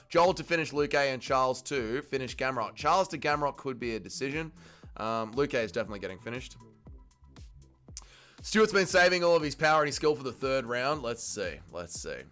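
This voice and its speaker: An Australian man hosting a fight livestream, talking in a bright, sharp voice that swoops up and down. He is rowdy and profane and often hollers at the fighters. Faint music plays behind him. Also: mid-range voice. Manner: excitable, profane, yells at fighters. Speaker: livestream host. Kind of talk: live fight watch-along commentary.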